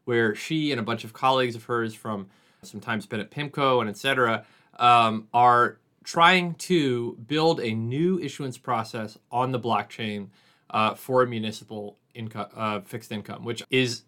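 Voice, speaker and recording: A man's voice: mid-range voice, pushed and bright. Chatty man hosting a podcast. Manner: chatty, filler-heavy, jokey asides. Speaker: podcast host. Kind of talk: casual podcast intro.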